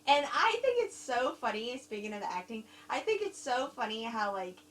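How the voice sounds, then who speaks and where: A woman with a light American Southern accent, co-hosting a casual film review chat, rambling and animated, laughing often. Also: a little high, normal speed. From grew up overseas, Germany and Korea. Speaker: co-host reviewing films. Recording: distant mic with faint hum.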